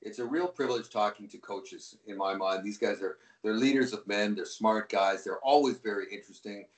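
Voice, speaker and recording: A man's voice: fairly low pitch, fairly quick, reverberant. A man who calls hockey games on air, telling a long story in an interview with many restarts. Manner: relaxed, rambling with frequent restarts. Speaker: hockey play-by-play broadcaster, guest.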